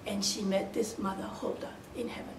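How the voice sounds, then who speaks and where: A woman's voice: medium pitch, steady tone, a little fast. A woman retelling a fairy tale for English learners in simple words, hesitant with many fillers and restarts. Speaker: storyteller. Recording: roomy, distant mic, faint hiss.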